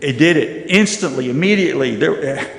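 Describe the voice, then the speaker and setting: Middle-aged male Bible class teacher, animated, high-pitched, recorded in a reverberant church room. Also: normal speed, gravelly. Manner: animated, acts out quoted voices. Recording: echoey room with long reverb.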